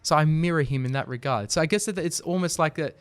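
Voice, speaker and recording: A fast-talking man with a slightly high, clean-toned voice, recorded with no room sound, is a podcast guest and video company founder. He tells stories earnestly during a casual interview and turns animated to make his points.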